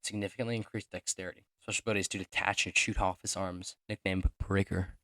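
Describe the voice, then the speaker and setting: A young man reading his own character profiles aloud, rushing through them with joking asides and stumbles. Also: deep voice, level tone, sharp tone, dry recording, clean studio sound. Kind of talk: casual reading of written notes.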